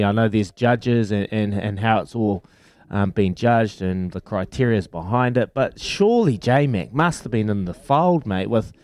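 A man co-hosting radio, asking rambling, lively questions. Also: mid-range voice, no room sound. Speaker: radio co-host. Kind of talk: casual radio banter.

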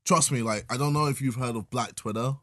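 A man's voice: medium pitch, a little fast, over a noisy crowd. Laid-back young man, mumbling. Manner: laid-back, drops into quiet mumbles, frequent laughs. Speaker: podcast guest. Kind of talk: casual podcast chat.

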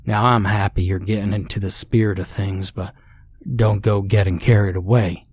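A man's voice: on the low side, steady tone, moderate pace, a little mellow, husky. A man voicing an older male farmer neighbor in a storybook horror tale. He talks in a folksy drawl, friendly but stern.

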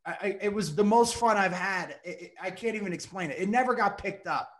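A high-voiced man, a comedian guest on a casual podcast, telling an animated story and laughing between lines. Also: a little fast.

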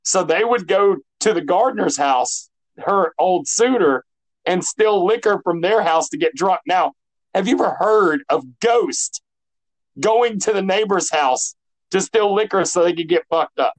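A man co-hosting a podcast in casual chat, telling stories in an animated way with lots of fillers. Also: high voice, a little slow, rough recording. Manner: animated, filler-heavy storytelling. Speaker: podcast co-host.

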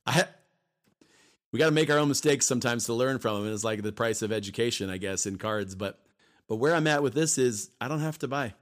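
A man co-hosting a podcast, talking casually and emphatically, often repeating himself and briefly acting out voices. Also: mid-range voice. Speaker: podcast co-host.

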